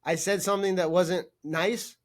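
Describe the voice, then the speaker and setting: A man's voice: high-pitched, fairly even intonation, normal speed. A man, a podcast guest, telling stories bluntly with heavy swearing and frequent laughs. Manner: blunt, crude and profane, laughs through his stories. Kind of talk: casual storytelling.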